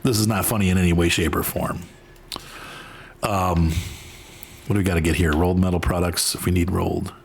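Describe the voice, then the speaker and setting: A man's voice: low-pitched, steady tone, a little fast, gravelly, pauses often, slightly rough. A man hosting a game stream, chatting casually and rambling between tasks, sometimes jumping into exaggerated voices. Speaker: gaming streamer host. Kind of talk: casual chat while playing a game.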